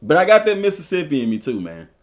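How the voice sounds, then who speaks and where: Southern man, coach streaming live: reads aloud and banters, high-ish voice with big pitch swings. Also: fast talker. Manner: animated and joking, chats with viewers between read passages. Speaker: streamer and school football coach. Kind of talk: casual live commentary, reading an article aloud.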